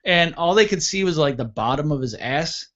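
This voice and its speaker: A man hosting an internet radio talk show, telling a story casually and acting out the quoted voices with loud, lively bursts. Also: on the high side, moderate pace. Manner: animated, acts out quoted voices loudly. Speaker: podcast host. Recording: dull lo-fi audio.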